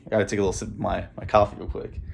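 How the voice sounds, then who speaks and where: A man's voice: lowish voice, creaky, slight background noise. A young man talking straight to camera about his dreams in a casual, rambling way, repeating words and laughing, choked up with emotion. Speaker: vlogger. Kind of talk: casual motivational monologue.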